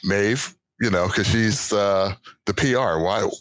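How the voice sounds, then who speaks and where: A man's voice: fairly low pitch, slow, a bit bright, dry recording. A man speaking in character during a storytelling game, easygoing and chuckling. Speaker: game player.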